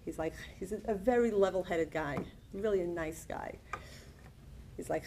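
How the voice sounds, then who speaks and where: A woman giving a personal testimony at a conference, telling her story in an earnest, animated way. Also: fairly low pitch, normal speed, pauses often, slight background noise. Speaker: conference speaker. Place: conference hall.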